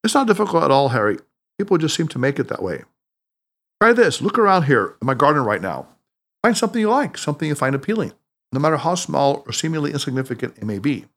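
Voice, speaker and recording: A man reading aloud as a wise, playful mentor who teases and insists gently. The voice sits a touch high and swings widely in pitch, lively and animated throughout. An audiobook figure full of emphatic warmth of conviction. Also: quick pace, exaggerated voice.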